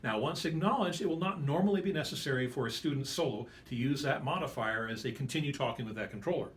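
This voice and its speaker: A man narrating an instructional segment on radio phraseology in a measured, explanatory way. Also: medium pitch, expressive, a little hiss or hum.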